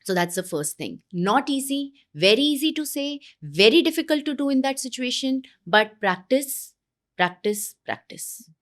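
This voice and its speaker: A woman with an Indian English accent, a parenting expert explaining her methods in an interview, earnest and animated. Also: high-pitched, fairly quick, hardly any pauses. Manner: earnest, animated when acting out parent moments.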